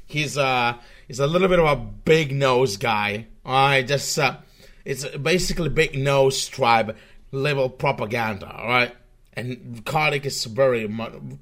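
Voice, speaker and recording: A man's voice: medium pitch, a bit bright. A man ranting on a live stream in a casual, profane, rambling way, stumbling through many restarts.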